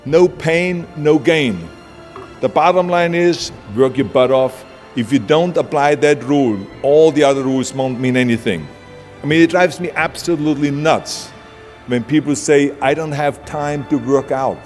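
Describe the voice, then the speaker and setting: Speaking at normal speed with a voice on the high side, an Austrian-accented man gives a blunt, punchy motivational speech. The recording has music underneath and a long hall reverb.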